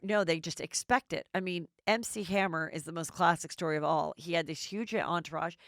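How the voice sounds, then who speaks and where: A woman's voice: fairly low pitch, a bit bright, no echo, studio quality. A woman hosting a gossip podcast, chatting bluntly and casually and swearing freely. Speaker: podcast host.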